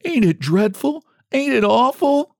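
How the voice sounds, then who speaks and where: A man's voice: high voice, animated, slow, no echo, clean studio sound, voice pushed up, exaggerated voice. A man voicing a frightened young mother who sobs in breathless country dialect. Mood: tearful.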